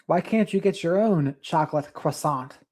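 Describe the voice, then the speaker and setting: A woman's voice: deep voice, moderate pace, a little mellow. A woman co-host giving blunt, scolding commentary on the texts. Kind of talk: casual commentary.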